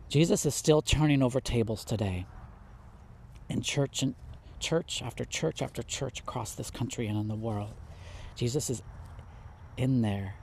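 A middle-aged man preaching a heartfelt sermon, pleading and impassioned, swinging from soft to loud and close to tears. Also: medium pitch, slow pace, vocal fry, long pauses, a little hiss or hum. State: near tears.

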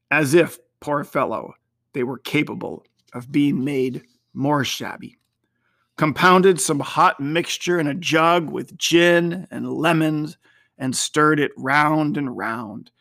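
A reader giving slow, measured, expressive audiobook narration of a classic novel. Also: medium pitch, no echo, studio quality.

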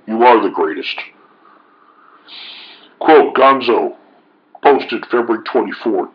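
A man's voice: mid-range voice, lo-fi sound. A man reading forum posts aloud with folksy, mock-indignant sarcastic commentary.

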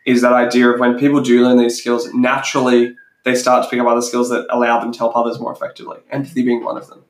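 Male podcast host, coach; energetic, rapid delivery, casual swearing, roomy echo. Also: mid-range voice. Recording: echoey room.

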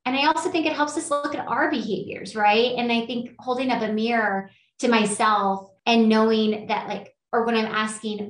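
A woman teacher hosting a podcast, talking in a casual, animated way and laughing at herself as she tells a story. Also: fairly high pitch, normal speed, hardly any pauses, roomy sound, low-quality recording. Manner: animated, laughing, self-deprecating. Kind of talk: casual conversation.

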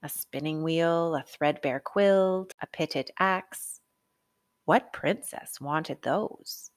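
A woman narrating a children's storybook aloud, expressive and unhurried. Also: low voice, no echo, clean studio sound.

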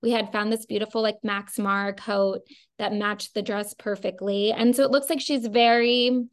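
A woman's voice: medium pitch, steady tone, moderate pace. A woman telling stories as a costume designer guest, chatty and full of fillers. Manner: chatty, filler-heavy with frequent "like". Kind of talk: casual interview storytelling.

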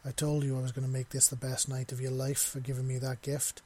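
Man voicing a young human man, devoted, soft, affectionate, husky. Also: medium pitch, monotone, fast, close to an everyday voice. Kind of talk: audio story reading.

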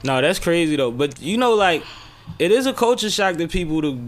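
A man hosting a casual podcast chat, relaxed and crude in his joking. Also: on the high side, a little fast. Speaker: podcast host.

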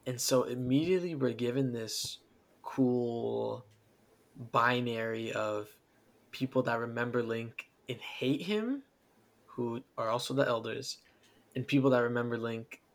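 A man with a gravelly, creaky voice talks through a video game in a loose, rambling way. He laughs often as he tells it, and his pitch sits at an ordinary middle level. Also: a little slow. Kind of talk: casual game discussion.

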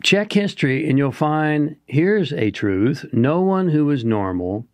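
A man's voice: fairly high pitch, expressive, measured pace, a little mellow, no echo. A man co-hosting a motivational talk show, speaking earnestly and asking the listener rhetorical questions. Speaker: podcast co-host.

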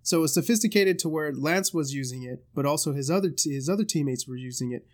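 A man with a fairly high voice co-hosts a podcast in easygoing chat. He tells stories loosely, swears freely and slips into quick impressions. He keeps it light. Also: a little mellow. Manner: loose, swearing storyteller who does voices and laughs often. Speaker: podcast co-host. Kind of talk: casual chat.

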